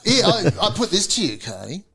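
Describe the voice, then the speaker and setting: A man's voice: high voice, wildly swooping pitch, brisk, vocal fry, fairly bright tone. A man with an Australian accent, firing off crude wisecracks in casual podcast banter. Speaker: podcast co-host.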